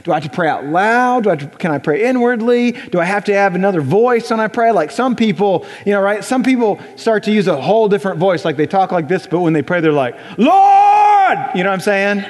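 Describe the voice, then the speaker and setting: A young adult man preaching a sermon in a church, conversational and animated, often acting out voices. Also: high voice, quick pace, few pauses. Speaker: pastor. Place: church sanctuary. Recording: church hall reverb.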